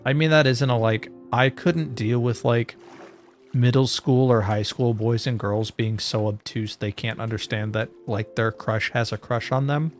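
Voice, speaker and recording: A man's voice: medium pitch, steady tone, normal speed, faint music behind. Man rambling and joking with chat. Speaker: streamer. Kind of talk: casual chat while streaming a game.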